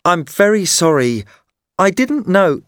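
A man's voice: high voice, sing-song, slow pace, dry recording, clean studio sound, voice pushed up, heavily acted. A man voicing a poor, kind-hearted young man who gets easily flustered and asks eager, exclamatory questions. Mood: earnest.

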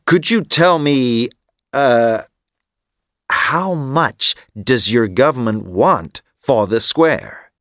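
A man voicing a rich male tourist who is polite and eager, speaking plainly and slowly in a textbook listening story. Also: medium pitch, expressive, a bit bright, dry recording, clean studio sound.

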